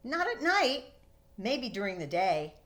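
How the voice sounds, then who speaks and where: A kindly, patient father who gently teases his little boy, as a woman reading a storybook voices him. His speech is slow and warm, rising and falling in a lively way, with little change from the reader's own voice. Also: a little high. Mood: gentle. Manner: calm, kindly, lightly teasing.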